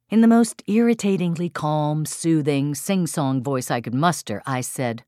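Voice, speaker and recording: A woman with a low voice narrates an audiobook about her parenting workshops. Her delivery is expressive and emphatic. The recording is dry and close, with no room echo. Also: measured pace, few pauses. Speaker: author and parenting workshop leader.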